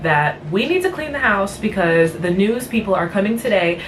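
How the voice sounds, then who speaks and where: A woman's voice: mid-range voice, expressive, normal speed. Woman vlog host, worn out, blunt and chatty, mic a bit distant, faint hiss. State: tired. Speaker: vlog host reviewing cartoon episodes. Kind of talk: casual rambling recap.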